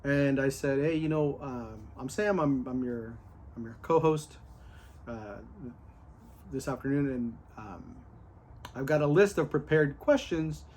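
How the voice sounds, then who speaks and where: A man in a casual, excited recap of his day, candid, full of fillers and with the odd curse. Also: mid-range voice, measured pace, a little hiss or hum. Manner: candid and excited, with many fillers and a bit of cursing.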